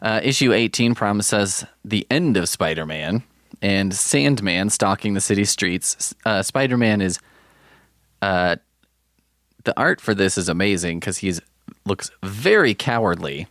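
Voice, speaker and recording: A man's voice: lowish voice, lively intonation, unhurried, fairly bright tone, dry recording, clean studio sound. A man hosting a podcast, talking casually in a rambling, profane, wry way. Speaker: podcast host. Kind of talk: casual chat.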